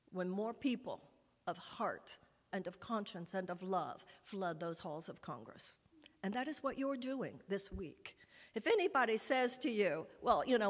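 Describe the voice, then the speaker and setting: A woman giving an impassioned, rousing speech at a conference, with emphatic repetition of phrases. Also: medium pitch. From United States. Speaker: conference speaker. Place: large conference hall. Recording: echoey hall reverb.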